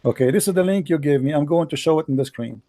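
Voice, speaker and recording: Insistent man with broken English, mellow voice. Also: on the high side, fast talker, no echo. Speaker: debate host. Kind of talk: live online debate.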